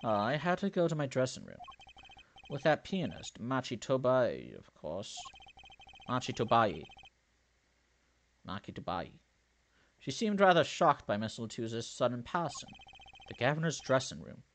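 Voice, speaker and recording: A man's voice: medium pitch, big pitch swings, normal speed, fairly bright tone, a little hiss or hum. A man playing through a story game, reading the characters' lines in his own voice and breaking off to joke and theorize. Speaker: let's play commentator. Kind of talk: game playthrough reading dialogue aloud.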